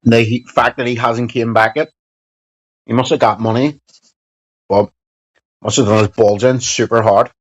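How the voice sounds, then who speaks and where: A man's voice: medium pitch, steady tone, moderate pace, long pauses. A man, chatting casually and rambling while live streaming, swearing and joking. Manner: profane, rambling, joking banter.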